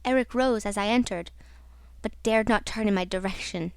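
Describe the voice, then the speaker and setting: A woman narrating an audiobook in a slow, dramatic reading style. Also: medium pitch, clear, resonant tone, dry recording, natural voice. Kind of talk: scripted narration.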